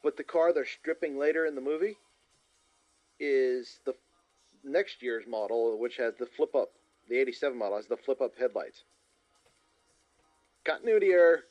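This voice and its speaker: A man's voice: mid-range voice, moderate pace, long pauses. Male podcast co-host, easygoing, faint music behind him. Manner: relaxed, rattles off car lists, chuckles. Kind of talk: casual movie podcast chat. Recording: dull lo-fi mic with faint music.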